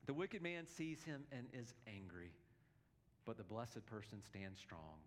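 A man's voice: lowish voice, sing-song, a little slow. A male pastor preaching a sermon in an earnest, emphatic way, often repeating his words.

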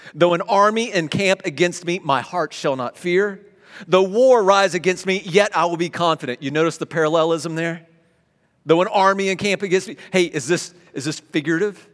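A man preaching a sermon, stumbling over repeated words and swinging between loud emphasis and hushed tones. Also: fairly high pitch. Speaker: pastor. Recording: long hall reverb.

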